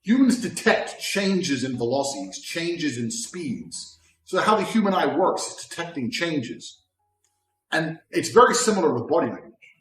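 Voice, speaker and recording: A man in his thirties giving a blunt, profane motivational talk, swinging between loud bravado and low calm. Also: measured pace, faint music behind. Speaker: motivational speaker. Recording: roomy sound from a distant mic.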